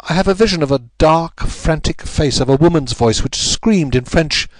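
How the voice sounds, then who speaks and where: Frightened noblewoman confessing, read by a man in a slightly raised pitch, earnest and measured, dry studio sound. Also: expressive, no room sound, close to an everyday voice. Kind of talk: audiobook reading of a classic story.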